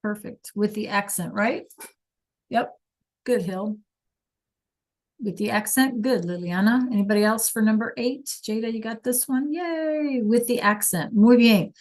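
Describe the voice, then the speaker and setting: A woman's voice: fairly high pitch, measured pace, a little mellow. A woman teaching a Spanish class over a video call, praising students by name and encouraging them.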